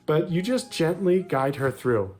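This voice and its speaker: Upbeat American dating coach, slightly high voice. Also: male voice, expressive, a little slow, darkish tone. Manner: upbeat, coaching, acts out short quoted lines. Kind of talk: direct-to-camera advice talk.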